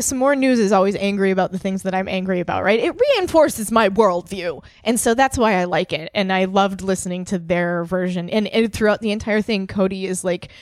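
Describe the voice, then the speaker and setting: A woman co-hosts a podcast, her medium-pitched voice recorded dry and at studio quality. In casual chat she tells animated stories, laughing often and swearing casually.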